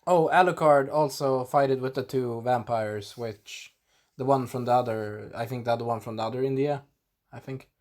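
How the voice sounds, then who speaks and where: A man giving a casual spoken episode recap, animated and breaking into character voices, clearing a scratchy throat. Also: moderate pace. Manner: animated, acts out characters in sudden high voices. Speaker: video reviewer.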